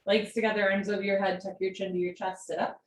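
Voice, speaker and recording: A woman instructing a live yoga class from home, giving calm posture cues with chatty, encouraging asides. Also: mid-range voice, quick pace. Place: home room. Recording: roomy home recording.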